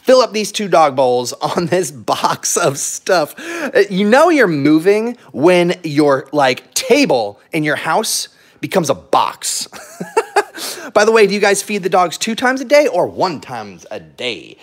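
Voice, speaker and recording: A man's voice: high voice, big pitch swings, slow. A man hosting a casual live stream vlog from his home, upbeat and chatty, laughing often while moving around with his dogs. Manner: upbeat, chatty, talks straight to viewers. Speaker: channel host. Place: home, indoors and garage.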